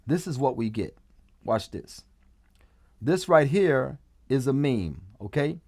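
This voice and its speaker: A man hosting a casual commentary, hammering home his points and repeating phrases for stress. His pitch swings widely as he talks. The sound is dry and close with no room around it. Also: takes it slowly, no room sound. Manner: emphatic, repeats phrases, animated. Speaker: host.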